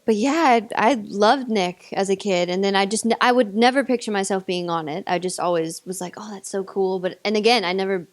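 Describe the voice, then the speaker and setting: A woman's voice: medium pitch, a little fast, hardly any pauses. A young woman from North Carolina with a faint Southern accent, chatting as an interview guest, bubbly and giggly with lots of likes and ums. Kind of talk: casual interview chat.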